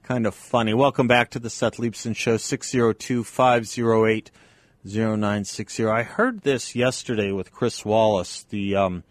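A man's voice: lowish voice, steady tone, normal speed, no room sound. A man hosting a talk radio show, talking in a conversational, wry and emphatic way into a studio microphone. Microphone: studio microphone, dry.

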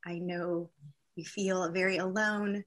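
A woman speaking as a guest in a conversation, telling a personal faith testimony in a candid, halting way with many fillers and restarts. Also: lowish voice, flat delivery.

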